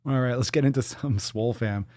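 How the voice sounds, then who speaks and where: A little fast and mellow, his mid-range voice carries a livestream full of swearing, jokes and spur-of-the-moment riffs as he reads out donations and messages from viewers. There's no echo, and the sound is clean and studio-like.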